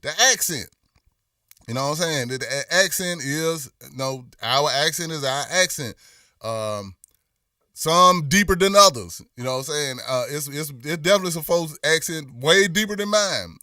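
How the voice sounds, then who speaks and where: A man's voice: on the high side, animated, moderate pace, pushed and bright, dry recording, studio quality, far from the mic. A middle-aged man with a Memphis accent, hosting a casual livestream and reading viewer comments in a drawling, laid-back way, his voice a little worn from performing. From Memphis, Tennessee. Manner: laid-back, drawling, lots of "you know what I'm saying". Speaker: livestream host.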